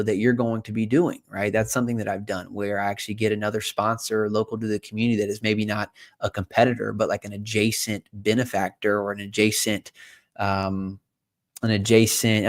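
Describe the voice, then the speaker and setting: A man from South Carolina in his thirties with a Southern country accent, talking casually to his audience and rambling through stories with plenty of fillers and restarts. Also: fairly low pitch. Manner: rambling, full of fillers and self-corrections. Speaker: fund manager and podcast host. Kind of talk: casual talk to camera.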